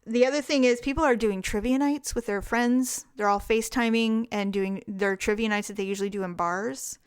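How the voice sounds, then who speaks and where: A middle-aged woman co-hosting a podcast in easy, casual conversation. Her voice sits a little high for a woman. She reacts fast and laughs easily. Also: fairly even intonation, clear, resonant tone. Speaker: podcast co-host. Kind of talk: casual chat.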